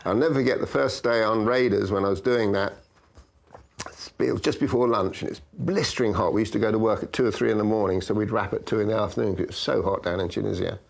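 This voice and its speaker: An older man with a low voice tells lively stories from decades of stunt work. He slips into the voices of the people he quotes as he goes. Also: fast, creaky. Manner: lively storyteller, acts out quoted dialogue. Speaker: stunt coordinator guest. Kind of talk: anecdotal interview storytelling.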